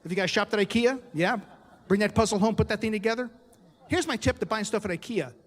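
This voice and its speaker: A middle-aged man from the United States performing a stand-up comedy set on a club stage, with punchy delivery and quick asides to the crowd. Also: sits high, long reverb tail.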